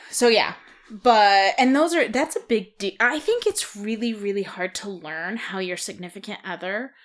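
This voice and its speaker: Woman in her thirties, podcast co-host, chatty storyteller, middle pitch. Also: animated, moderate pace. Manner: chatty, storytelling with quoted asides. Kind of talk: casual chat.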